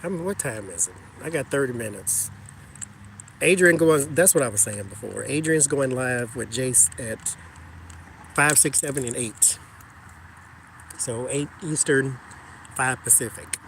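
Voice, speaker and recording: A man casually chatting with his viewers while walking outside, animated and joking, talking to them as "y'all". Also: medium pitch, a little slow, long pauses, a little hiss or hum. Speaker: tarot reader chatting with live viewers.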